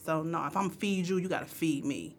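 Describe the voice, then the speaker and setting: A woman's voice: sits low, fairly quick, slight background noise. A woman speaking on a podcast, bluntly and firmly giving her views in casual chat. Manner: blunt and firm.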